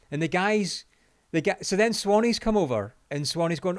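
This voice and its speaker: Animated Scottish man telling stories. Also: sits high, fairly quick, no room sound. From Scotland. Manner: animated, swearing, laughs while telling stories. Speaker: podcast co-host. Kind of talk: casual chat, storytelling.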